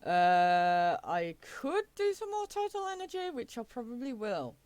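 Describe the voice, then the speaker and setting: A woman's voice: on the high side, sing-song, a little slow, a little mellow, no echo. A woman casually narrating her first look at an idle game, thinking aloud with frequent okays and stumbling a little when she reads the game's text. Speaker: gaming channel host. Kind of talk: casual let's-play commentary.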